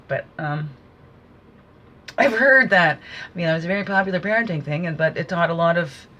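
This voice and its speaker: A woman's voice: mid-range voice, a bit bright. Earnest woman giving spiritual guidance. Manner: earnest, conversational, preachy asides. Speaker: spiritual card reader. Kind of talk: casual spiritual guidance talk.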